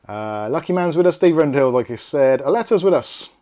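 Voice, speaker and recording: Warm in tone and pitched on the high side, this Bristolian-accented man hosts a casual live stream. He reads out viewer comments, cracks jokes and chats, often poking fun at himself.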